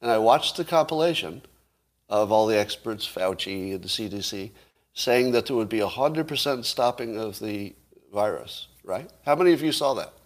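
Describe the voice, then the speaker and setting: A man's voice: fairly low pitch, expressive, normal speed. A man hosting a casual livestream, arguing his point and throwing rhetorical questions at viewers, with the odd chuckle. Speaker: livestream host.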